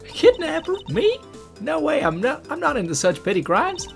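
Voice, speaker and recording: A man voicing a cheeky, boastful young woman thief, high and teasing with a put-on country bumpkin accent, as he reads a game aloud. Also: very animated, normal speed, creaky, exaggerated voice. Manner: teasing, giggly, high and sing-song. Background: game music.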